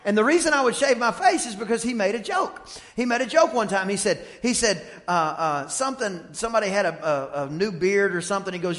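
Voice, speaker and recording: High, bright-voiced preacher in a reverberant hall. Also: male voice, expressive, a little fast. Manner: builds from quiet to shouting fervor, storytelling. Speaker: pastor. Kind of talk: sermon. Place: church sanctuary. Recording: long church hall reverb.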